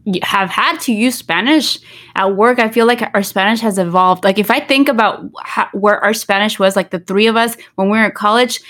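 A woman's voice: mid-range voice, normal speed, fairly bright tone. A woman co-hosting a casual podcast chat, talking in a chatty, self-deprecating way that switches between English and Spanish. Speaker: podcast co-host.

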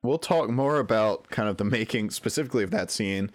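A man co-hosting a podcast, discussing a film in a halting way with many restarts. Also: on the low side, no echo. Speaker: podcast co-host.

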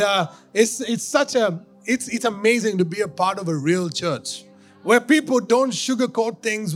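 A male pastor preaching a sermon to his church, excited and laughing, with many fillers and restarts. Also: high voice.

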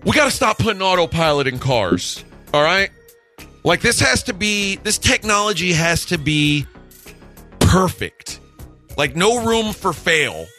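Sports radio co-host guy, bright punchy voice, swings all over, mocking rants. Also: sits high, measured pace, soft background music. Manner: animated, mocking, jumps between ideas. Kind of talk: casual radio banter.

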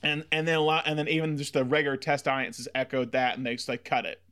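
Bright-voiced man recapping a film. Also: a little high, clear, resonant tone. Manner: animated, quick, talks in run-on recaps. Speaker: podcast co-host. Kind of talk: casual film discussion.

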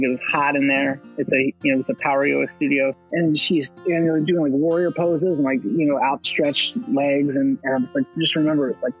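A man's voice: a little high, muffled recording. A veteran and motivational speaker from Baltimore, telling his story with swearing and acted-out quotes. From Baltimore, USA. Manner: animated storyteller with profanity, acts out quotes. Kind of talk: storytelling interview.

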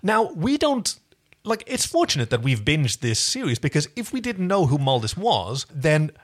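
A man's voice: fairly high pitch, very animated, normal speed. A man co-hosting a podcast, recapping an episode in casual chat, enthusiastic, laughing often and trying out quoted voices. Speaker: podcast co-host.

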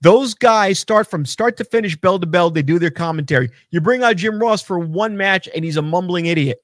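A man's voice: sits high, brisk, a bit bright, no echo, studio quality. A man co-hosting a casual wrestling talk show, ranting animatedly and swearing often. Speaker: podcast co-host.

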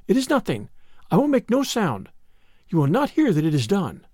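A man's voice: high voice, wildly swooping pitch, moderate pace, darkish tone, no room sound, studio quality, full character voice. A man voicing a frightened yet brave young noblewoman, pleading and emotional in an audiobook reading.

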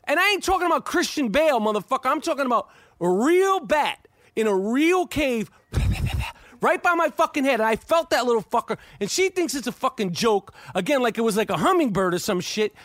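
High-voiced, profane New man. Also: brisk, dry recording, studio quality. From New York. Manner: profane, excitable, stammering restarts. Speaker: podcast host. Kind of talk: casual storytelling.

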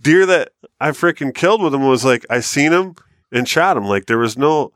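An American man telling a long hunting story in casual podcast chat, acting out quotes with bursts of excitement. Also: moderate pace, no echo, studio quality. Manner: animated storyteller, rises high and loud when acting out quotes. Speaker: podcast co-host.

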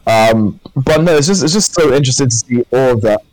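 A man's voice: mid-range voice, expressive, a little fast, a little mellow, no room sound, rough recording. Man, casual podcast co-host, rambling, eager, dry recording. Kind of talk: casual chat.

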